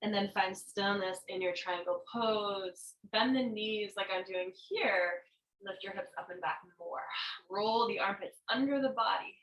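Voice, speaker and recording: A woman's voice: mid-range voice, unhurried, fairly bright tone. A woman teaching a yoga class, cueing breaths and poses while she demonstrates them, a little out of breath. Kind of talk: guided yoga class instruction. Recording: roomy, mic at a distance.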